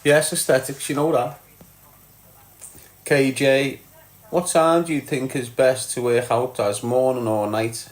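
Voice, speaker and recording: A man's voice: mid-range voice, fairly even intonation, unhurried, pauses often, echoey room. Man, scouse accent, live stream host, blunt and sweary, reads chat comments. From Liverpool, England. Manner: blunt, sweary, chatting to viewers.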